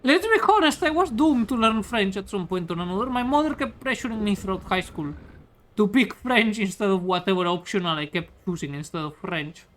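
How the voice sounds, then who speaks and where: Tipsy woman chatting on stream, cursing lots, loud truck game hum underneath. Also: medium pitch, lively intonation, fairly quick. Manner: rambling, swears often. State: tipsy from beer. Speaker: livestreamer. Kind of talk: casual gaming stream chat. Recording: game engine noise behind voice. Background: truck driving game sounds.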